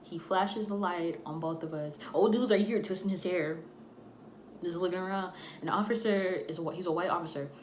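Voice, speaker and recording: Young woman, casual storytelling, animated, lower voice, echoey room, faint background noise. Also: a little fast. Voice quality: animated, acts out quoted voices. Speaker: storytime vlogger.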